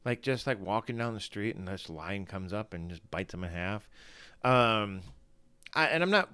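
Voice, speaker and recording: A man's voice: lowish voice, expressive, normal speed, bright, forceful tone, smooth, dry recording. A man hosting a casual solo livestream in his morning voice, rambling and self-deprecating with lots of fillers and restarts. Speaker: fantasy football streamer.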